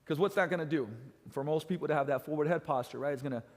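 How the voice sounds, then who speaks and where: A middle-aged man in full coaching mode, teaching other trainers with a fairly high voice that he pushes up and drops down for effect. He leans on his points and keeps checking in with "right?" The sound carries a long reverb from a large hall. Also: fast. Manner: emphatic, swings pitch and loudness for effect, keeps asking "right?". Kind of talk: energetic coaching lecture.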